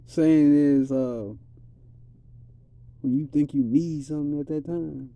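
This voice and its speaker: A man's voice: on the high side, fairly even intonation, slow, dark tone, lo-fi sound. A man giving a rambling, streetwise spiritual monologue in a casual, preachy way. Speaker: vlogger.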